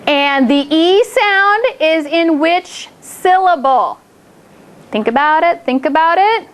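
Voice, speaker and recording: A woman leads second graders through a phonics lesson in a classroom. Her voice sits very high, and she stretches each target word out slowly before cheering the children on. Classroom noise is clearly audible behind her. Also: expressive. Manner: slow, drawn-out words for children, upbeat praise.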